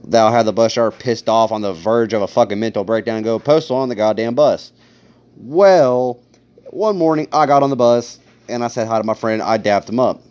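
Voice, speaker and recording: A man's voice: lowish voice, a little fast, darkish tone. A young man from Ohio hosting a podcast, telling stories in a crude, heavily profane, sarcastic way. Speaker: podcast host. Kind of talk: casual storytelling monologue. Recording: dull lo-fi recording.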